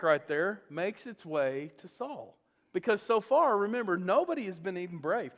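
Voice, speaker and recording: Animated preacher telling a Bible story. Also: male voice, high voice, normal speed, big-room sound. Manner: animated storytelling, frequent "okay?" check-ins. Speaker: pastor. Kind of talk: sermon.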